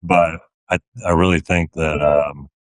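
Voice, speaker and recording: Man in his thirties, very deep voice, dry close sound, thoughtful and easygoing. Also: little pitch movement, measured pace, no room sound. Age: 30s. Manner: reflective, plain-spoken, dry humor. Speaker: guest, retired athlete. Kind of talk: casual conversation.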